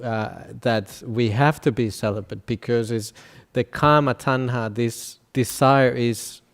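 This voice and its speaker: A man who is a Buddhist monk teacher, speaking haltingly with many restarts in a teaching workshop dialogue. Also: mid-range voice, fairly even intonation.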